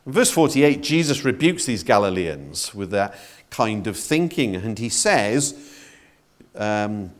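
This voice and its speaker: A man preaching a sermon in a conversational, expressive way, addressing his congregation directly. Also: slow. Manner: expressive, conversational preaching with wide swings in pitch and loudness.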